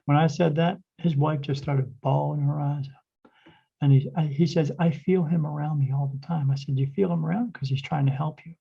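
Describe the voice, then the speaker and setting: A man's voice: on the high side, steady tone, moderate pace, gravelly, warm tone, breathy edge. A man, a spirit medium guest on a podcast, telling a rambling story in casual talk, acting out quoted dialogue with many restarts. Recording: dull, lo-fi podcast audio.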